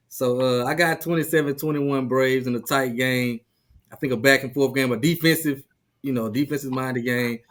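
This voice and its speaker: A man in his thirties in casual sports talk, excitable, stumbling over his words and repeating himself. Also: medium pitch. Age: 30s. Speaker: guest, rival team insider.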